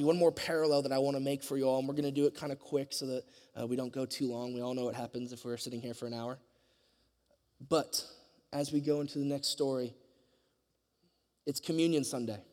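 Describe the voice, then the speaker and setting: An earnest man delivers a sermon, building his story with loud surges and dropping into near-whispers. His voice sits at an ordinary middle pitch. The sound carries a long reverb, as in a large church hall. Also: flat delivery, a little fast. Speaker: preacher.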